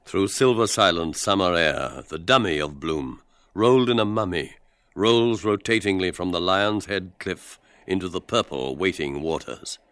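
A man's voice: low-pitched, lively intonation, normal speed, fairly bright tone, clear, resonant tone, no room sound. A man giving scripted narration of the stage directions in a radio drama.

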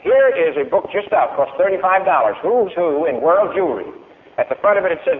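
A man giving a public speech and answering questions, declamatory and emphatic, swinging from loud to low. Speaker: speaker. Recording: tinny lo-fi archival recording.

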